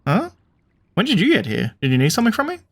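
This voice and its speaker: A man's voice: sits high, huge pitch swings, fast talker, vocal fry, voice pushed up, heavily acted. A man voicing a vain young woman singer in a game, self-satisfied and defensive. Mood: smug.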